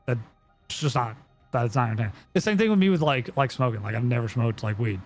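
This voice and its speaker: A man's voice: mid-range voice, animated, fast talker, soft background music. A young man chatting casually on a live stream, telling a story in a rambling way with lots of fillers and swearing.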